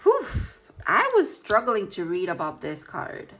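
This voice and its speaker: A woman's voice: mid-range voice, huge pitch swings, unhurried, fairly bright tone. A woman giving a casual pick-a-card tarot reading, thinking aloud in a chatty way, often restarting words as she reads card text and joking about herself. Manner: playful, jokes about herself. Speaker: tarot reader.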